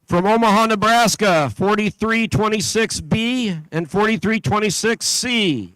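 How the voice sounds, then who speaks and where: A man with a notably high voice reads out team after team at an event venue, working through a list at a steady pace with small slips and asides along the way. His voice sounds dry, with hardly any room around it. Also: unhurried, clean tone, no echo, low-quality recording. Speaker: event announcer. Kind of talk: announcing teams at a competition.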